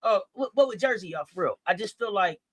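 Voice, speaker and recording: A man co-hosting a casual basketball talk show, animated and playful, repeating himself as he restarts thoughts. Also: high-pitched, quick pace, no room sound. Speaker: podcast co-host. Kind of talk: casual sports chat.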